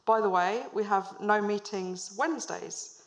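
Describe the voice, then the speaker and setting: Here a managing director, a woman in her thirties, tells stories during a business talk on stage, asking the live audience questions and adding light humor. Her pitch is medium and her pace measured.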